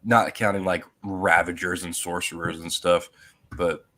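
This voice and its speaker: A man's voice: low voice, flat delivery, measured pace, bright, forceful tone. A man hosting a casual movie podcast over a video call, rambling with fillers and restarts. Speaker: podcast host.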